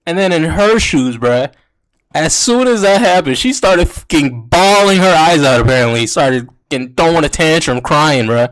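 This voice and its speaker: A man's voice: a little high, lively intonation, moderate pace, a bit bright. A young adult man telling a storytime in a casual, profane, slang-heavy way, with constant asides to the listener. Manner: profane and slangy, peppered with "bro". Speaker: storytime vlogger.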